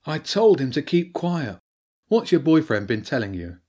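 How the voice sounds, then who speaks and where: A man voicing a defiant older teenage girl in an audiobook, talking sharp and dismissive. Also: on the high side, big pitch swings, normal speed, breathy edge, voice pushed up.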